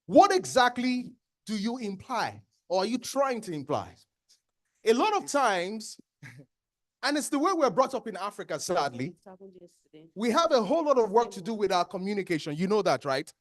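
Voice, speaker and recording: In a clean studio recording without echo, a mid-range voice at normal speed carries a Nigerian accent. The trainer is leading an interactive workshop before a training-hall audience, animatedly quizzing the room and answering the questions.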